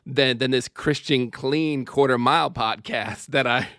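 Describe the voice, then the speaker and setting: Guest comic, man in his 30s, smooth clear voice, dry close mic, jokey and a bit sweary. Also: mid-range voice, fairly bright tone, no echo. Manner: jokey, sweary, quick asides. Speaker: podcast guest, stand-up comedian. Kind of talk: casual podcast chat. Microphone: remote call microphone.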